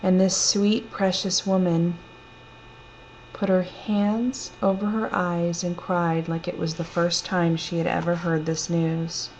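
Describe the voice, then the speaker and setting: A woman telling a personal story in a gentle, reflective, unhurried way. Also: on the low side, little pitch movement. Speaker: storyteller sharing a personal testimony. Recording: dull lo-fi recording with faint hum.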